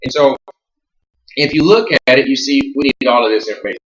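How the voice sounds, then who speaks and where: A man lectures a law class in an echoey classroom. He talks loosely and conversationally, stumbling over repeated words and firing questions at the students. His pitch sits in an ordinary middle range. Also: lively intonation, fast, a bit bright, a little hiss or hum. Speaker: law instructor and attorney.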